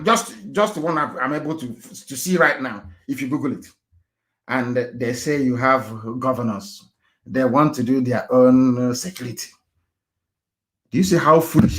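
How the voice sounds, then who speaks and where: A man giving a live radio address in an impassioned, rhetorical way, swinging between loud outbursts and low muttered asides. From Nigeria. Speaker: radio broadcaster.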